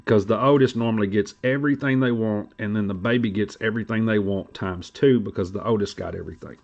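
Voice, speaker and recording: A middle-aged man, hosting a casual livestream chat and telling stories in a blunt, profane, animated way. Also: lowish voice, fast talker, vocal fry. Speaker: livestream host. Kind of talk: casual card-collecting talk. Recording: dull lo-fi stream audio.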